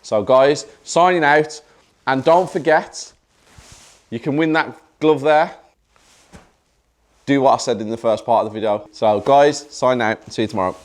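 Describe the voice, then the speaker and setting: A British man chatting casually in a vlog, upbeat and joking, talking in quick bursts. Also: medium pitch. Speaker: property investor vlogger.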